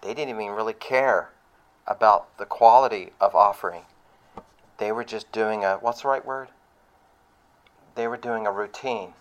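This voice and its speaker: A man's voice: on the low side, moderate pace, long pauses, smooth. A man preaching a sermon in a conversational, emphatic way, full of rhetorical questions and mocking asides.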